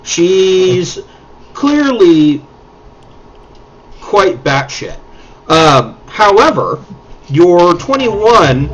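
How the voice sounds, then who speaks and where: A man running a tabletop game as dungeon master, narrating scenes in a relaxed, descriptive way. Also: high-pitched, a little hiss or hum. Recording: dull lo-fi audio.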